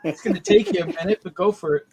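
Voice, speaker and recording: A man's voice: high-pitched, wildly swooping pitch, fast talker, crowd noise. A man asking curious questions in a casual livestream chat. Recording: noisy home mic with clicks.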